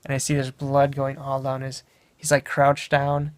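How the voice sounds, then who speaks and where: A man's voice: medium pitch, completely flat delivery, moderate pace, dry recording. A young man from Wisconsin, casually telling a travel story in a meandering way, often correcting himself. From Wisconsin, USA. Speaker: vlogger.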